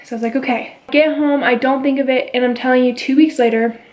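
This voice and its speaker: A woman's voice: high voice, steady tone, quick pace, darkish tone. A young woman vlogging at home, chatting casually as she retells a story and quotes the people in it. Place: at home with her baby.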